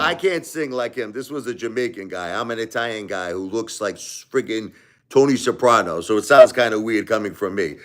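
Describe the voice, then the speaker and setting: Jokey, rambling male live-streamer. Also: lowish voice. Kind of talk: casual storytelling chat.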